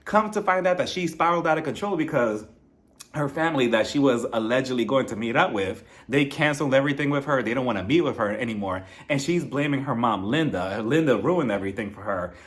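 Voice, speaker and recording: A man giving a casual, gossipy recap of a reality TV episode, laughing often and acting out what the cast said. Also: fast talker. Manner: gossipy, animated, laughs often and acts out quoted lines in high or low voices.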